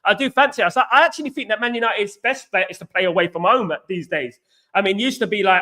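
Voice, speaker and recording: A man's voice: sits high, quick pace, bright, forceful tone. A man with a London accent hosting a live fan stream, chatting animatedly and answering viewers by name with casual slang. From England. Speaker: fan channel host. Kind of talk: live stream chat reading comments.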